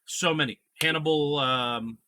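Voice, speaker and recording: A man's voice: on the high side, a little slow. A man co-hosting a casual podcast chat, telling stories and acting out the quotes. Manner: animated storyteller, acts out quotes. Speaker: podcast co-host.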